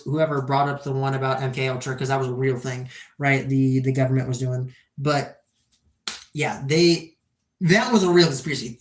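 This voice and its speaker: During a livestream, a streamer in their twenties answers questions from chat, talking casually with lots of excited rambling and frequent cursing. The pitch is medium, and the room is noticeably echoey.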